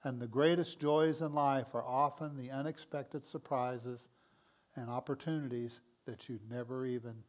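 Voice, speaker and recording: A man giving a sermon as minister in a church, speaking in a gentle, encouraging way. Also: medium pitch, steady tone, normal speed. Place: church sanctuary.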